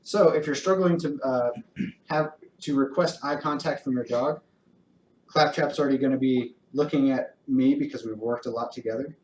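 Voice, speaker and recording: A man of middle pitch gives a dog-training lesson, explaining each step in a calm, encouraging way. His voice bounces around an indoor room with a noticeable echo, over a faint hiss. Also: normal speed, far from the mic, lo-fi sound. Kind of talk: instructional talk with live demonstration. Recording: roomy echo.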